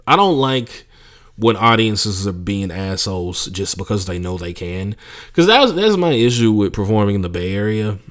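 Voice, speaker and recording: A young man with a lowish voice hosts his own podcast, ranting through stand-up stories with casual swearing. He keeps it loose and conversational, slipping into mocking impressions as he goes. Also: normal speed. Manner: profane, animated storytelling with mocking impressions. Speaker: podcast host, stand-up comedian. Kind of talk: casual monologue.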